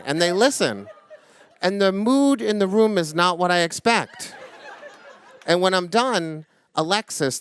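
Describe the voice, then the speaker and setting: A man in his forties telling a true story live on stage into a microphone, swinging from loud indignation to hushed reflection. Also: a little high, clear, resonant tone.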